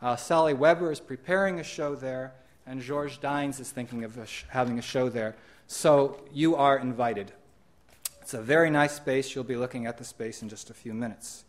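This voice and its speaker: A middle-aged man at medium pitch walks an audience through slides of his artwork. He speaks in an unhurried, halting way, often pausing on "um" and restarting his sentences. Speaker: holographic artist presenting his exhibition. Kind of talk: conference slide presentation.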